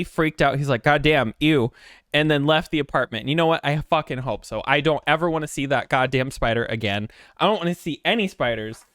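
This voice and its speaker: Guy streamer rambling at his desk, kinda high voice, smooth, swears constantly, nervous laughy energy. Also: a bit bright, no echo, studio quality. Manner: rambling, swears a lot, jittery and self-mocking. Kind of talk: casual chat before a game stream. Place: home apartment at a desk.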